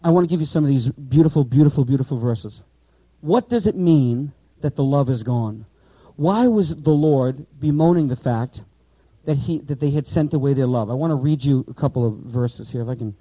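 A man's voice: mid-range voice, moderate pace, mellow, no room sound, poor audio. A man teaching the Bible to pastors in training, emphatic, repeating key words and quizzing the class while he writes on a board.

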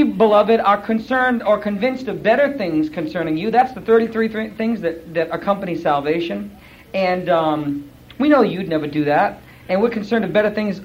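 A man, a pastor, giving sermon-style Bible teaching to a class. He is emphatic and animated, fires off rhetorical questions and acts out other people's voices. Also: sits high, a little hiss or hum. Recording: dull lo-fi recording.

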